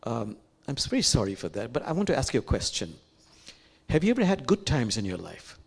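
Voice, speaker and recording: A man voicing a gentle woman sage. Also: mid-range voice, wildly swooping pitch, a little fast, gravelly, husky, heavily acted. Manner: gentle, kindly questioning.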